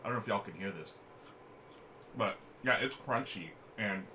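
A man's voice: on the low side, normal speed, background noise. A man hosting a live game stream, chatting casually and reading viewer comments aloud at a desk mic. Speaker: streamer host. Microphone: desk microphone.

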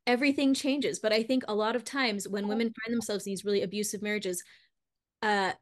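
A woman's voice: medium pitch, steady tone, fairly quick. A woman author talking candidly about her feelings in a podcast interview, with lots of fillers. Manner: candid, emotional, uses many fillers. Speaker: author guest.

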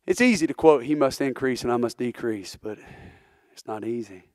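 A man's voice: medium pitch, expressive, fairly quick, a little mellow, no room sound, clean studio sound. A male preacher delivering a sermon in church, earnest and full of rhetorical questions, building into fervent preaching. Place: church sanctuary.

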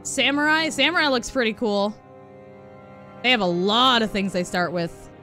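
A woman streaming a video game live, excitable and giggly as she thinks aloud. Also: on the high side, moderate pace. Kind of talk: live gaming stream chat. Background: game music.

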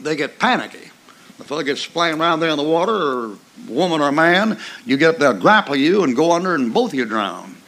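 An older man with a drawl, delivering a sermon in a rough, folksy style. His voice sits a little high for a man, and he drives his points home with emphatic repeats and mocking asides. Every so often he lets out a dry chuckle. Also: sing-song, brisk, a bit bright. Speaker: preacher.

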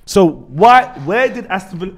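Guy co-hosting a football chat, pitch jumps all over, a bit higher than most. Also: normal speed. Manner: animated, laughing, takes charge of the conversation. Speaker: podcast co-host. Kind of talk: casual football banter.

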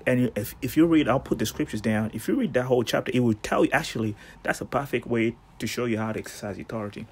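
Husky man giving a casual devotional. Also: mid-range voice, quick pace. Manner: animated storytelling, slangy asides, laughs. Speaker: devotional host.

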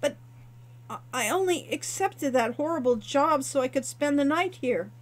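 A woman's voice: high voice, expressive, moderate pace, voice pushed up. A woman voicing an earnest young male orphan training to be a hero, eager and pleading, with frequent stammers.

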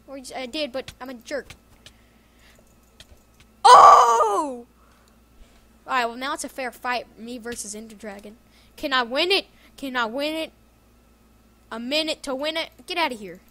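A woman giving casual gameplay commentary as a video game YouTuber, excitable and jokey, often yelling and laughing at the match. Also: high-pitched, a little fast. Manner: jokey self-talk. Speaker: gaming YouTuber.

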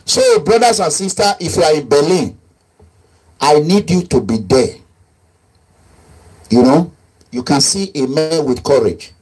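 Husky-voiced guy running a live call-in stream, begging and repeating himself, a bit high. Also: animated, measured pace, long pauses, darkish tone. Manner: pleading, repeats himself, switches into Nigerian pidgin. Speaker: online talk host.

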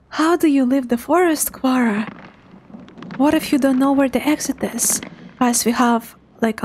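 A young woman, quietly commentating a live game stream in a hushed, soft voice. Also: fairly high pitch. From Russia. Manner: hushed, softly spoken to avoid making noise.

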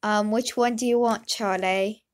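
A woman's voice: medium pitch, steady tone. A woman hosting a casual reaction video, chatting with her viewers and her cousin. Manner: chatty, slow-paced, addressing viewers. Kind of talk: casual chat.

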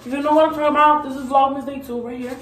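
A woman's voice: high-pitched, fairly even intonation, very fast. A woman vlogging to the camera in a bathroom, hyper and playful, squealing and making beep noises. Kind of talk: casual vlog talk to camera. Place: grandmother's bathroom. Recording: echoey room with noise.

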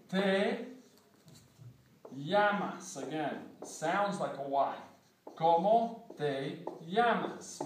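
A high-voiced man gives a Spanish lesson, speaking slowly and with emphasis. He repeats each phrase for drilling. The voice sounds far off in a very echoey room. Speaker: Spanish teacher. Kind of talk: spoken language lesson.

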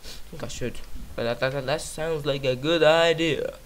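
A man with a fairly high, steady voice, speaking at a normal speed, narrates a let's-play of his own game. The gaming YouTuber's commentary is casual and silly, with plenty of rambling, self-talk, and nonsense-syllable singing.

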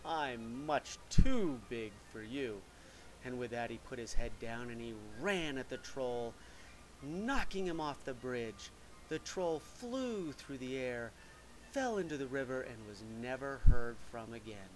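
A man's voice: medium pitch, lively intonation, a little slow, rough recording. Man reading a children's story. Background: music.

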